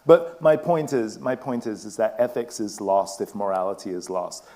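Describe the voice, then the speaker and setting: Casting: man, British West Indian accent, lowish voice, rambling stage talk. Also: animated, normal speed, warm tone. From Britain. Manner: discursive, restarts phrases, laughs often. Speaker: guest speaker. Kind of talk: casual public talk. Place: event stage before an audience.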